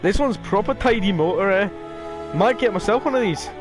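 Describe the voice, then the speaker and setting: A man's voice: sits high, lively intonation, a little fast, music in the background, voice pushed up. A man reading game lines aloud as a cheeky little male fairy, trying for an accent. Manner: rough attempt at a regional accent, casual reading.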